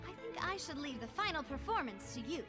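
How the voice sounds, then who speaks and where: A woman's voice: high voice, big pitch swings, a little fast, sharp tone, soft background music, heavily acted. An actress voicing a confident, playful young woman in a video game, speaking in a coaxing, theatrical way.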